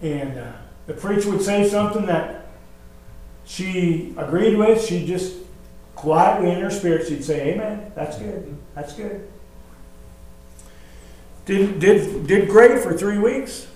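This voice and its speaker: Slow, high-voiced older preacher. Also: male voice, expressive, darkish tone, roomy sound. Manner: folksy storytelling preacher. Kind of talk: sermon.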